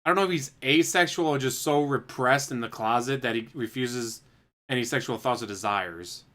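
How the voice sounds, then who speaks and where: Man, bright mid voice, casual speculative rambling, relaxed chat. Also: medium pitch, normal speed. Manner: speculative, musing, chuckling asides.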